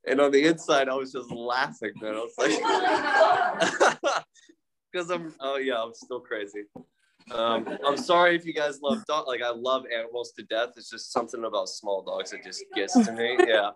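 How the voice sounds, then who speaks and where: At a recovery meeting, a young man shares his story casually, candid and profane, mocking himself and using lots of fillers. His mid-range voice is animated and brisk, with crowd noise in the background.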